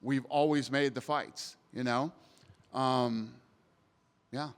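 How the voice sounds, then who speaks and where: Taking it slowly, a man with a medium-pitched, steady, clean-toned voice answers reporters at a press scrum. The promotion CEO is blunt and emphatic, swearing casually, in a post-event press area with long hall reverb.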